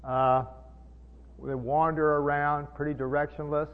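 A man's voice: a little high, flat delivery, a little slow. A man preaching a sermon, teaching from the Bible in a folksy way, explaining Greek words and putting questions to his listeners. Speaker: pastor teaching. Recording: long hall echo, tinny phone-like sound.

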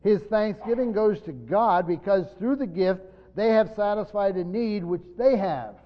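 A man's voice: high-pitched, measured pace. A man pastor teaching through a Bible passage verse by verse, often restarting his sentences and stressing key points, recorded in a church hall. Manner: stumbling restarts, emphatic rises on key points. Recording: dull sound, long hall reverb.

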